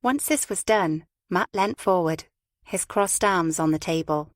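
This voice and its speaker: A woman with a fairly low voice narrates a crime novel in a measured, even way. The reading is close and dry, with no room sound. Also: no room sound. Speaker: audiobook narrator. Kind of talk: scripted narration.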